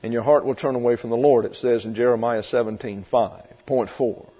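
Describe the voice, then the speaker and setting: A man's voice: medium pitch, steady tone, a little fast, husky. A man preaching an expository sermon, emphatic and vivid, sometimes acting out voices. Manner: emphatic, acts out voices in quotes. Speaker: pastor. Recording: reverberant hall, dull lo-fi sound, mains hum.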